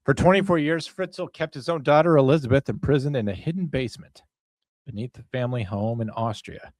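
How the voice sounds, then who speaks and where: A man at a middle pitch hosts a true crime podcast with a deadpan, sarcastic comic edge. His voice is close to the mic, and the sound is dry and free of room echo. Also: brisk. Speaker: podcast host.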